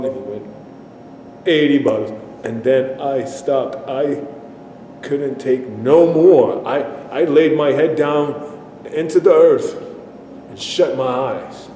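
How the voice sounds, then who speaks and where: A man performing a dramatic stage monologue, speaking haltingly and repeating himself as he recounts a disturbing memory. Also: dark tone, lightly acted. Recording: echoey hall, faint rumble.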